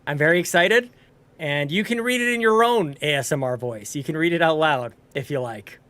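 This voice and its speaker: A man's voice: a little high, moderate pace, pushed and bright. A man hosting a gaming podcast, joking around in casual, playful banter with a co-host.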